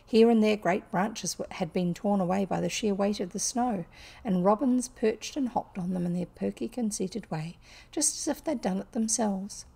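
A woman's voice: medium pitch, moderate pace, vocal fry, husky. A woman doing a cheerful bluff otter. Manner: lively, boisterous storytelling. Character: hearty male otter, cheerful, bold, bluff. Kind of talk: storybook reading.

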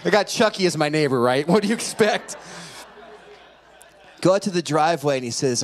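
A man preaches from the pulpit, telling a story in the form of a sermon. His voice sits a little high and moves with lively, wide swings of pitch. He acts out the people in his story as he goes. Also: fairly quick, long pauses. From California. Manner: animated storyteller acting out voices. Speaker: pastor. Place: church sanctuary.

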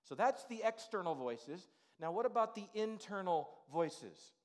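A man's voice: high voice, lively intonation, a little slow. A male pastor delivering an informal, conversational sermon in a church sanctuary, full of "you know" asides.

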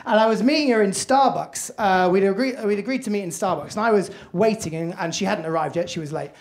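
A young man performing a stand-up comedy set on a club stage, telling a story with lively acted-out voices. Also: sits high, fast, creaky.

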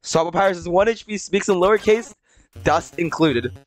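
A livestreamer at a moderate pace and medium pitch chats with viewers, reads their comments aloud, and laughs a lot. Rambling and giggly, they swear and break into silly voices between bits.

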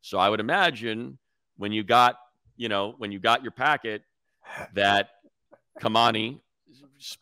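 Low-voiced man hosting a sports chat. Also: normal speed, pushed and bright, clear, resonant tone, no room sound. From Detroit, raised near Chicago. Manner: storytelling, mimics others' voices. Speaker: sports podcast host. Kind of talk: casual sports talk.

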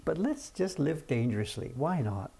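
A man's voice: on the high side, big pitch swings, moderate pace, gravelly, warm tone, husky. An older man from Canada chatting casually on a live stream from his print shop bench, telling rambling stories full of restarts and asides. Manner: chatty storyteller, many restarts and "whatever".

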